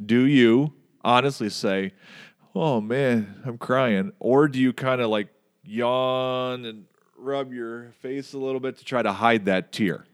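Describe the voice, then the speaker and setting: A man hosting a podcast, chatting casually and telling stories with animated, acted-out scenes. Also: mid-range voice, a little slow, clear, resonant tone. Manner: animated storyteller, acts out scenes. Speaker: podcast host. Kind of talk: casual chat.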